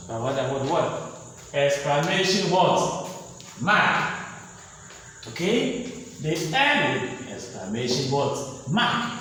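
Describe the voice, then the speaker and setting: A male teacher with a lively, swooping voice gives a grammar lesson, repeating points and quizzing the class with "okay?" and "what?". He sounds fairly high for a man and records from a distance. The room adds heavy echo and a long reverb tail, with faint outdoor ambience behind him. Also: slight background noise. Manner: lively, voice rising sharply on example commands.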